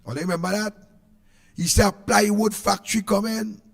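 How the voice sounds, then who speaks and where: Shouting Trinidadian man, very high-pitched. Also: fairly even intonation, a little fast, vocal fry, long reverb tail. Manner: shouting, sing-song, repetitive. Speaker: political speaker. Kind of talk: impassioned political speech.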